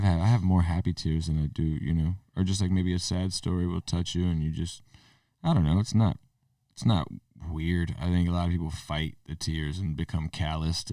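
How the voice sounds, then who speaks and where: A man's voice: sits low, mellow, no echo, studio quality, far from the mic. A man co-hosting a casual podcast, joking but earnest and open about his feelings. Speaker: podcast co-host.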